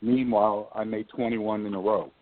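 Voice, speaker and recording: A man's voice: on the low side, normal speed, dry recording. Older man telling stories over a tinny line. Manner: lively storyteller who acts out quoted dialogue. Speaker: former basketball shooting coach. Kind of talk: casual storytelling anecdote. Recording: tinny phone-like line, dry.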